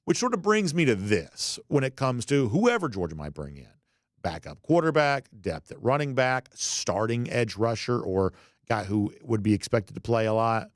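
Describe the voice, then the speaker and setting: A man's voice: mid-range voice, sing-song, normal speed, dry recording. Male sports-talk host, conversational, folksy, dry booth sound. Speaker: podcast host. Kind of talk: sports commentary monologue.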